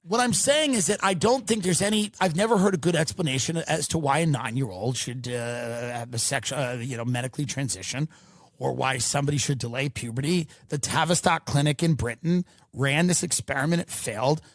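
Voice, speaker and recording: A man's voice: fairly high pitch, a little fast, no echo, clean studio sound. A man hosting a podcast, delivering a mocking comedic rant and swearing freely. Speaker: podcast host.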